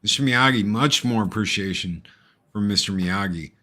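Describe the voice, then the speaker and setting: Low-voiced man hosting a movie chat. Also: moderate pace. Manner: animated, acts out movie scenes in put-on voices. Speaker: podcast host. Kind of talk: casual movie discussion.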